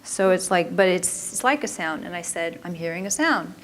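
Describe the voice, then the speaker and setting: Chatty woman with a lowish voice. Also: expressive, moderate pace, slight background noise. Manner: chatty, self-interrupting, frequent restarts. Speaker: conference presenter. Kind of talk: informal conference talk.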